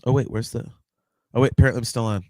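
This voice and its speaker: A man in his fifties giving a heartfelt, halting birthday tribute, repeating words and swearing casually. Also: mid-range voice, fairly even intonation, darkish tone, dry recording. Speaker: podcast host.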